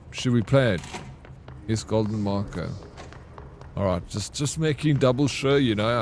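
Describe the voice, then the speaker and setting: A young South African man chats casually with his viewers during a game live stream, greeting them by name. His voice is mid-range with a somewhat dark tone.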